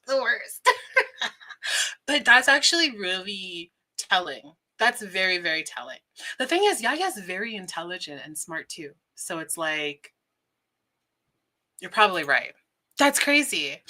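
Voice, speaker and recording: Woman host, casual stream talk, bright voice, laughs a lot, reads chat aloud. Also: medium pitch. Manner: chatty, laughs often, reads viewer comments aloud. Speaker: livestream host. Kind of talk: casual livestream commentary.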